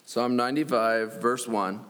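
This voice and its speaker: A man's voice: medium pitch, steady tone, a little slow, a bit bright. A man preaching a sermon, reading scripture aloud in an earnest way and chuckling now and then. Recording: long church reverb.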